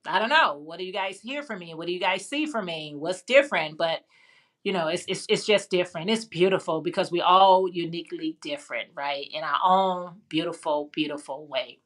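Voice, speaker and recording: Speaking a little fast in a fairly low, slightly bright voice, a woman from Chicago, United States, runs a relaxed live stream. Reading viewer comments aloud and laughing often, she chats easily with the people watching.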